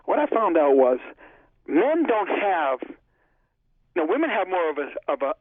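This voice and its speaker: Over a dry, phone-like line with no echo, a medium-pitched man talks as an interview guest. The filmmaker chats casually through his stories, retelling old conversations as dialogue, one line at a time.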